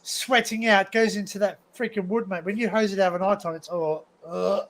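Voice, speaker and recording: A man hosting a casual live stream chat over a video call, telling lively anecdotes and swearing freely. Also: high voice, normal speed, crowd noise. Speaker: livestream host.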